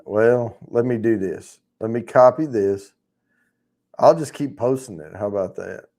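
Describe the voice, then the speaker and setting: A man's voice: lowish voice, measured pace, mellow. Rambling, profane male livestream host. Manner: chatty with viewers in the chat. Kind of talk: casual chat.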